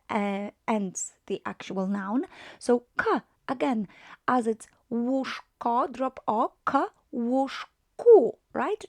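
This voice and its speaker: Slow, patient woman teacher. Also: on the high side, darkish tone, no room sound, clean studio sound. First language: Polish. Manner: patient, explains step by step with many fillers; checks in often with "right?". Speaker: language teacher. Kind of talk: online language lesson.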